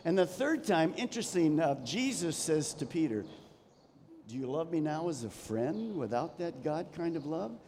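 Male pastor, mid-high voice, preaching with animated swells and quiet drops; reverberant sanctuary sound. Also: normal speed, a little hiss or hum. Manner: animated preaching, dropping to soft emphasis. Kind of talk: sermon. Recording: long reverb of a church hall.

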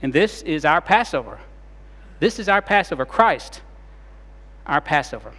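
A man preaching a sermon as pastor, retelling scenes dramatically and shifting between loud and soft delivery. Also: a little high, very animated, a little slow, big-room sound.

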